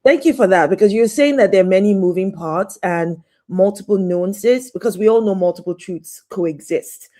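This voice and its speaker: A woman's voice: mid-range voice, normal speed, hardly any pauses, mellow. A woman hosting an online panel, introducing guests with enthusiasm and encouragement. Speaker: host.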